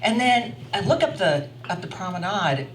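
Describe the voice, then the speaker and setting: An older woman spins a funny tale for a live crowd, lively and chatty, breaking into laughter now and then. Her voice sits in the middle of a woman's range. The room rings around her, and she is picked up from a fair way off the mic. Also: medium pitch, normal speed, a little hiss or hum. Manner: animated, chatty, laughing often. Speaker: storyteller. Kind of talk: live storytelling to an audience. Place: wine bar, live event. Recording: roomy sound from a distant mic.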